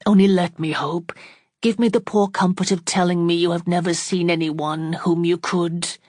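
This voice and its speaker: A woman reading the part of a proud young gentleman suitor in an audiobook, in measured, formal speech. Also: lowish voice, steady tone, dry recording, clean studio sound, close to an everyday voice. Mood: pleading.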